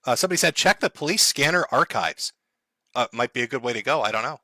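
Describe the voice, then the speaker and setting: A man's voice: mid-range voice, animated, fast talker, bright, forceful tone, no echo, studio quality. A man streaming live in casual chat, sarcastic and profane, laughing often as he talks to his chat.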